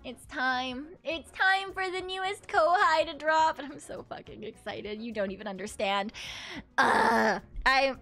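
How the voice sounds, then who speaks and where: A woman VTuber streamer chatting casually and excitedly with her viewers, swearing freely and laughing often. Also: high voice, unhurried. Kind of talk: casual livestream chat with viewers.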